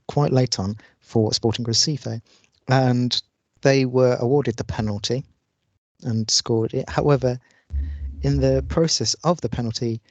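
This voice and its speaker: Dry-voiced football podcast host. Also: male voice, mid-range voice, darkish tone, dry recording, lo-fi sound. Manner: reads news with frequent hesitant fillers. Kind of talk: football podcast news roundup.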